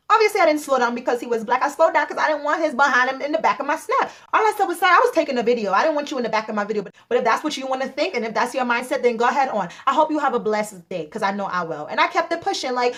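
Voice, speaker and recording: A young woman with a Trinidadian accent chats casually to her vlog audience. Her voice sits high, and she acts out each exchange she retells, swinging her pitch up and down for the people in her stories. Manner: animated, acts out quoted exchanges with big pitch jumps. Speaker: vlogger. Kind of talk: casual storytelling chat.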